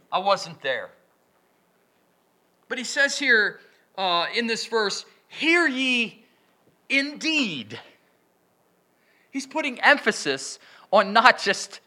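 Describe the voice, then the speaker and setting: A man delivers a sermon in a high, bright voice that swoops up and down as he pushes his points. He speaks slowly and deliberately, leaning hard on the lines he quotes and peppering the room with questions. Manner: questioning, lively emphatic delivery with drawn-out quotes. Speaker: preacher.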